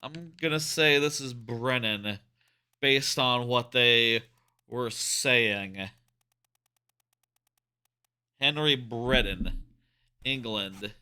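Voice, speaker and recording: A man's voice: medium pitch, slow, pushed and bright, clean tone. A young man casually musing aloud as he plays through a game, rambling as he goes. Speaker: let's play host. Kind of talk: casual gameplay commentary.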